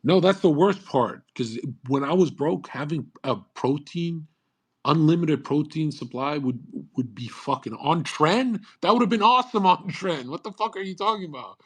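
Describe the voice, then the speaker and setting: A man's voice: fairly high pitch, animated, normal speed, slightly rough. A young man ranting casually on a livestream, brash and profane, rambling with frequent restarts. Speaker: livestream host.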